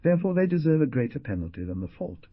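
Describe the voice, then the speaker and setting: A man's voice: a little high, sing-song, fast, no room sound, voice pushed up. A man voicing a tortured young male prisoner who rants with feverish sarcasm, in a storybook reading. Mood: raving. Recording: dull lo-fi dry recording.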